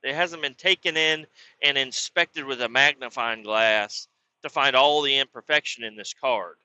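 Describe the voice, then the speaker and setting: A man telling crude, excitable stories on his podcast, acting out both sides of arguments. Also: mid-range voice, normal speed, clean tone, dry recording. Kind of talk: casual storytelling.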